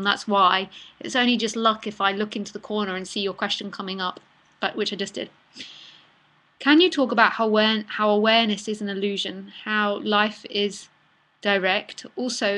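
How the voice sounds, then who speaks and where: A woman speaks on a live stream in an easygoing, conversational way. Her pitch sits at an ordinary middle height for a woman. Her tone is relaxed and chatty, and she trails off into quiet asides as she reads out messages. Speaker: nonduality speaker answering live chat questions. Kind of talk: casual live-stream talk.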